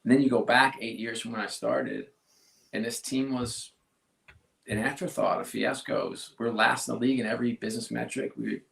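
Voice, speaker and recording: Gravelly earnest man in echoey room. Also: medium pitch, steady tone, fairly bright tone. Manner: earnest, halting with many restarts. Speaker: sports team executive, guest. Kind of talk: candid interview talk.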